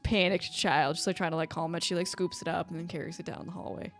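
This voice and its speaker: A woman's voice: fairly low pitch, steady tone, fast, soft background music. A woman narrating as game master of a tabletop game, chatty and loose with lots of filler words. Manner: chatty, full of filler words, voices characters in between.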